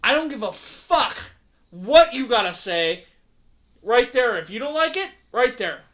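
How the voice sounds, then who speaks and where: A man hosting a drinking podcast, ranting loudly and profanely with lots of repetition. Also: extremely high pitch, sing-song, unhurried. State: out of breath. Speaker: podcast host. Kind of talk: drunken podcast rant.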